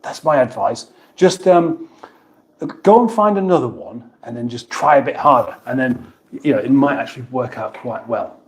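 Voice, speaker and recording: A man's voice: medium pitch, expressive, normal speed. A British man hosting a casual livestream, reading viewers' comments aloud and answering them with dry, rambling banter. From United Kingdom. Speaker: livestream host.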